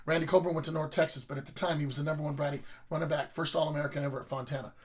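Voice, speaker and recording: A man's voice: fairly high pitch, fairly even intonation, very fast. A middle-aged man casually telling rambling, profane stories about his school football days. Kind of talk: casual storytelling.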